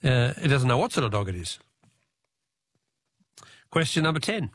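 A man with an Australian accent hosting a talkback radio quiz, chatty and quick with asides, laughing easily with callers. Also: mid-range voice, big pitch swings.

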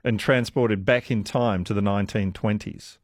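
A man's voice: lowish voice, fairly even intonation, moderate pace, no room sound, clean studio sound. A man hosting a radio quiz with callers, chatty and self-deprecating, laughing often. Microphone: studio microphone.

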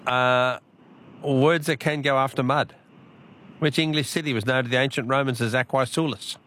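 A man's voice: medium pitch, fairly even intonation, moderate pace, fairly bright tone. A man with an Australian accent hosting a talkback radio quiz, chatty and laughing easily as he repeats the questions.

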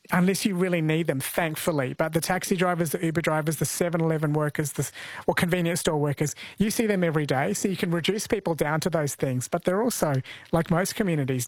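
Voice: mid-range voice, darkish tone, no echo. A radio host chatting with a caller, conversational and thinking aloud as they go. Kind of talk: radio talk show interview.

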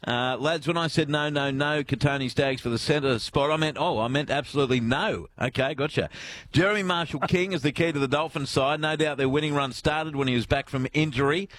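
A man's voice: fairly high pitch, brisk, fairly bright tone, a little hiss or hum. An Australian man hosting sports radio, bantering with his co-hosts and reading listener texts aloud.

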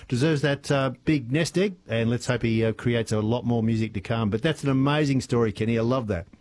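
A man's voice: medium pitch, fairly quick, a little mellow. Chatty Australian radio host man. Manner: chatty, hesitant with many fillers. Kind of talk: talkback radio chat.

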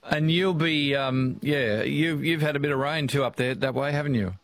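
A man with an Australian accent hosting a casual radio talkback chat, easygoing and quick to laugh. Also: a little high, steady tone, dry recording. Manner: chatty, easygoing, laughs often.

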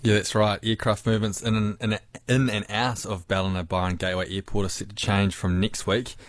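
Brief: New Zealand man, radio newsreader, very low voice, dry studio sound. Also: a little fast, no room sound. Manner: steady news read with casual asides. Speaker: news presenter. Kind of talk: reading news headlines on radio. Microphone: studio microphone.

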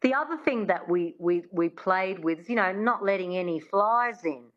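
A woman's voice: medium pitch, animated, moderate pace. A woman dialect coach being interviewed on the radio, explaining thoughtfully with frequent restarts. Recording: dull, muffled line.

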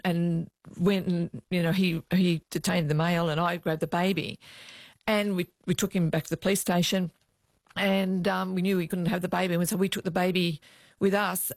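Middle-aged Australian woman, ex-cop guest, animated storyteller, dry close sound. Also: fairly low pitch, no room sound. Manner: animated anecdotes, acts out quoted voices. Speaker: guest, former police officer. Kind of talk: interview storytelling.

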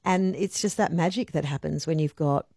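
A woman hosting a radio interview, chatty and quick to prompt and finish her guest's thoughts. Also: low voice, vocal fry, dark tone, no echo, studio quality. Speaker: radio host.

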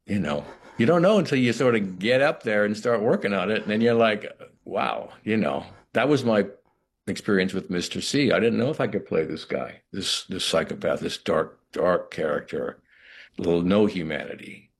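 A man, an actor, talking reflectively in an interview, halting often and restarting his sentences. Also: on the low side, lively intonation. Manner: thoughtful, halting, with frequent restarts and "you know".

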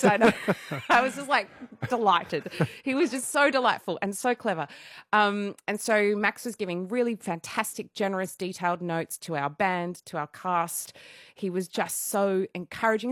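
Chatty low-voiced woman, radio guest. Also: dry recording, clean studio sound. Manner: chatty, animated storytelling with frequent fillers and laughs. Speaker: musical theatre performer, radio guest. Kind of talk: casual radio interview chat.

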